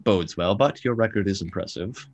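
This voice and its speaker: A man's voice: lowish voice, moderate pace, muffled recording, a little hiss or hum, natural voice. A man voicing a young, sullen and tired official as game master in a tabletop game. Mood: weary. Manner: weary, dry, reluctant.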